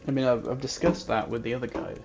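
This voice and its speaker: A man's voice: mid-range voice, fairly even intonation, fast, darkish tone, soft background music. Playful man reading game text aloud. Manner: playful, reads game text aloud, hums little jingles. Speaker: gamer playing a mystery game. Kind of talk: let's-play commentary. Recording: dull lo-fi with faint hiss.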